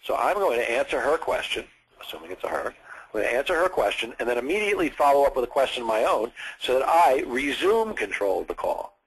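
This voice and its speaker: A man in his sixties, a sales trainer at a live seminar, lively and acting out firm phone calls as he teaches. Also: mid-range voice, quick pace, husky, rough recording. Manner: energetic, acts out phone calls in firm and friendly tones.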